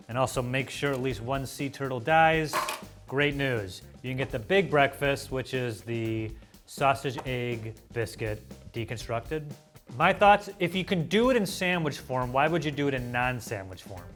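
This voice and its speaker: Male food host, playful and jokey, mid-pitched voice, faint music underneath. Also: a bit bright. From United States. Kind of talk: casual food review chat.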